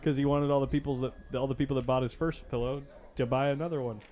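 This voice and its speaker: A man giving casual, excitable live commentary on a pool match, laughing and bantering with his co-hosts. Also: mid-range voice, quick pace, a little hiss or hum.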